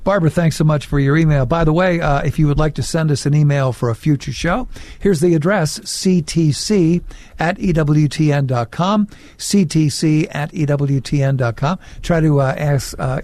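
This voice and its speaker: A man's voice: a little high, normal speed, a little mellow, soft background music. A man hosting a Catholic radio call-in show, easygoing, reading out listener emails and the sign-off. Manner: easygoing, reads emails and sign-offs smoothly. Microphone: studio microphone.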